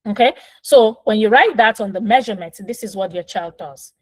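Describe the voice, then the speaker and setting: Patient and methodical, this parenting coach gives a casual instructive talk, going step by step and tossing in "right?" often. Her medium-pitched voice is lively in intonation and fairly quick. The phone-mic recording from a dead-dry room is dry and rough.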